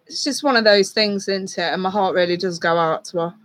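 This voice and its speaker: With few pauses and a brisk pace, a tarot reader on a live stream speaks softly to reassure a viewer in a mid-range voice, stumbling into many ums and restarts.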